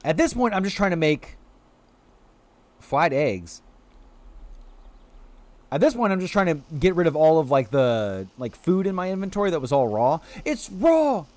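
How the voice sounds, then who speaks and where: A man's voice: fairly high pitch, expressive, moderate pace, pauses often, darkish tone. A man streaming a video game, chatting with his viewers and talking playfully to the creatures on screen. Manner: playful, apologetic asides. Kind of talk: casual livestream commentary.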